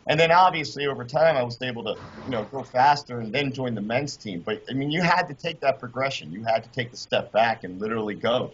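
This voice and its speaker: A man being interviewed, telling a story in an animated way and acting out the people in it. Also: medium pitch, quick pace, few pauses, slightly rough. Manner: animated, acts out quoted voices. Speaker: guest, former kayaker. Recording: dull lo-fi audio.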